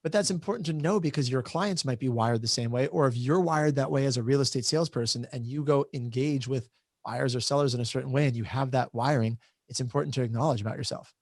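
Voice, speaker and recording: A man's voice: mid-range voice, quick pace, a little mellow, dry recording, clean studio sound. A man moderating a casual online panel, telling a chatty, self-deprecating story over a video call.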